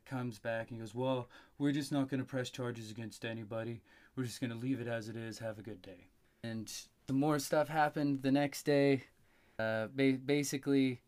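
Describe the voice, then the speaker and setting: A man telling a long story in casual talk, cursing freely and getting animated. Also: medium pitch. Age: adult with a young child. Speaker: podcast host.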